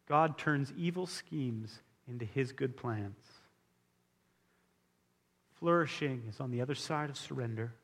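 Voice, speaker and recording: A man's voice: mid-range voice, a bit bright. A man preaching a sermon as pastor, earnest and emphatic, repeating key phrases for weight. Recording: long hall reverb.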